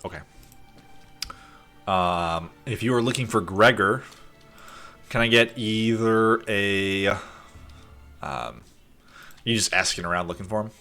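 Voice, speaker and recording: Male game master, lowish voice, bright edge, easygoing with lots of ums. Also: slow pace, pauses often, soft background music. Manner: relaxed, filler-heavy. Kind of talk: running a tabletop game.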